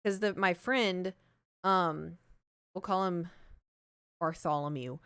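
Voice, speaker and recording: A woman's voice: on the low side, slow pace, a bit bright, clear, resonant tone, no room sound. Young female streamer, rambly and self-mocking, chatty fillers, dead-dry studio mic. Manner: rambling, self-deprecating, laughs often, many fillers. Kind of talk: casual live-stream chat. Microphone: large studio microphone.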